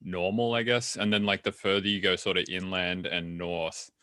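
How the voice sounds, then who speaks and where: Low, bright-voiced man chatting. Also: little pitch movement, no echo, clean studio sound. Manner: loose and swearing, halting with fillers. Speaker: podcast host. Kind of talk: casual chat.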